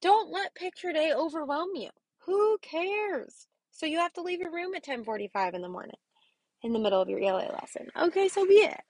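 A woman's voice: very high voice, animated, brisk, a little mellow, no echo. A young adult woman, a kindergarten teacher hosting a motivational podcast, speaking emphatically, repeating her points and checking in with "okay?".

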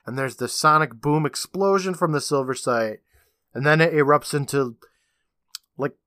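A man's voice: fairly high pitch, normal speed, pushed and bright, no echo, studio quality. A man co-hosting a podcast, animatedly retelling a TV episode in casual chat and laughing often. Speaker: podcast co-host.

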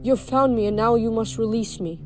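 A woman voicing an ancient, fading male nature god, speaking softly and sorrowfully. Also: on the high side, faint music behind, lightly acted. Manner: soft, slow, sorrowful delivery.

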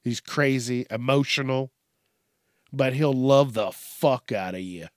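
Speaking slowly at a medium pitch, this podcast host runs a casual solo show on a studio mic, with clean studio sound and no room noise. His talk is rambling and profane, carries a slight Southern twang, and is broken up by frequent laughter.

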